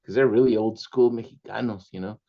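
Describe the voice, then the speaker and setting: An older male author, a guest in a storytelling interview, shares family anecdotes, laughs often and slips into Spanish phrases. He speaks in a lowish voice with vocal fry, fairly even intonation and a fairly quick pace. The audio is dull.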